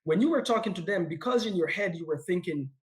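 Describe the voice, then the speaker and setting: A man with a non-native English accent, a podcast guest talking in an energetic, emphatic way and repeating words when excited. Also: sits high, fast talker. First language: not English; speaks four languages. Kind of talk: casual podcast conversation.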